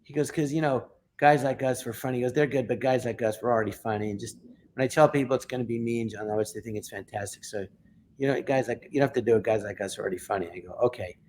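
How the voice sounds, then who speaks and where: A man's voice: medium pitch, fast, slight background noise. A middle-aged man from Los Angeles, a comedian guest telling a story in an interview and acting out the quoted lines. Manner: animated storyteller, acts out quoted dialogue.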